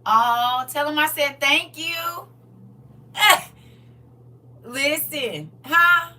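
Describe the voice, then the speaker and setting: A woman hosting a livestream, chatting casually with her viewers in a churchy, testifying tone, expressive and laughing often. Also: high-pitched, slow, distant mic. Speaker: livestream host reading viewer comments.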